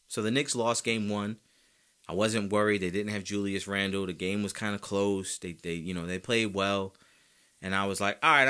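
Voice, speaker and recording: A man hosting a sports talk podcast, ranting with loud, high-pitched outbursts between stretches of lower, calmer talk. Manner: animated, swings into high-pitched shouts. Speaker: podcast host. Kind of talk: fired-up sports talk rant.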